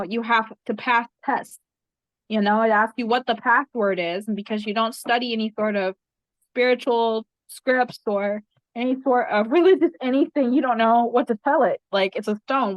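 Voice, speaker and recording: A woman's voice: a little high, animated, moderate pace, no room sound. Woman, interview guest, reflective spiritual storytelling, repeats for emphasis, dry muffled recording. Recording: dry, slightly muffled sound.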